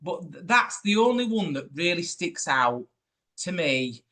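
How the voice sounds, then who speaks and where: Bright-voiced man chatting. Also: a little high, measured pace. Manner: chatty, animated storytelling with asides. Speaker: spiritual medium, podcast host. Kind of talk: casual chat.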